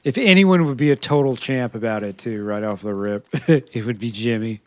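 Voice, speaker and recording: A man's voice: medium pitch, moderate pace, dry recording. A man from the United States streaming a video game live, chatting with viewers, laughing often and talking to himself as he searches for gear. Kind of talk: live gameplay commentary to chat.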